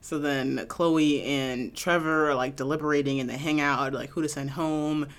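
A woman's voice: low-pitched, fairly even intonation, normal speed. A woman co-hosting a casual chat, laid-back and laughing often. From United States.

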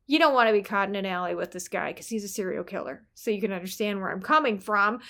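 A woman's voice: on the high side, fairly bright tone. Chatty woman teaching writing tips. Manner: chatty and playful, jokes while explaining. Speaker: writing coach. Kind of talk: casual teaching talk on writing.

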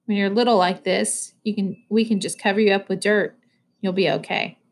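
A woman reading aloud voices a calm, fearless teenage farm boy who speaks matter-of-factly. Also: medium pitch, moderate pace, close to an everyday voice.

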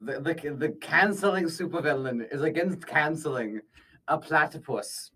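A man's voice: a little high, moderate pace, bright, forceful tone, breathy edge, distant mic. Rambling goofy man, bit off-mic. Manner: rambling, goofy, self-correcting. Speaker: interviewee playing an evil scientist. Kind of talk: improvised comedy interview.

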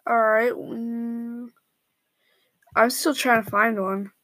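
A woman's voice: fairly high pitch, steady tone, takes it slowly, fairly bright tone, no room sound. A young woman co-hosting a casual podcast, playful and giggly, often tripping over her words. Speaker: podcast co-host. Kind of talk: casual chat.

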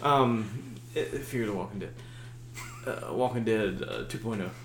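A man co-hosting a podcast in casual chat, animated and swearing freely, slipping into mock voices. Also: lowish voice, measured pace, echoey room, slight background noise. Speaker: podcast co-host.

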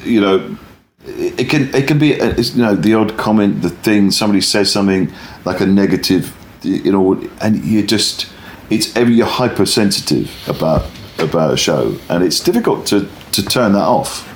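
A man's voice: on the low side, moderate pace, echoey room, a little hiss or hum. A stand-up comedian, a man, telling a rambling anecdote in an interview, often breaking off and starting his sentences again. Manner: rambling, self-interrupting, animated anecdote teller. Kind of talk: conversational interview storytelling.

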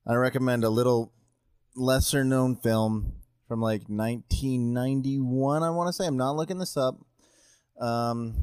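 Male podcast guest, casual and jokey, rambling delivery, mid pitch, dry close-miked sound. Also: a little mellow, clear, resonant tone, no room sound. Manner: joking, rambling, swears casually. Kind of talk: casual chat.

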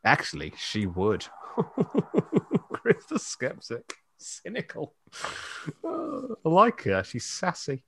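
A man co-hosting a comedy podcast, reading and adding quick, wry commentary. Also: mid-range voice, wildly swooping pitch, gravelly, fairly bright tone, husky, dry recording. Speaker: podcast co-host.

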